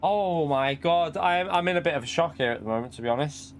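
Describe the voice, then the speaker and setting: A man in his thirties talks casually through a racing game on a live stream, often repeating and exclaiming, with a slightly high pitch. The game's engine noise sits clearly behind his voice. It feels like a home stream with an open mic. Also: fairly quick. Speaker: gaming streamer. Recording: noisy background with car sounds.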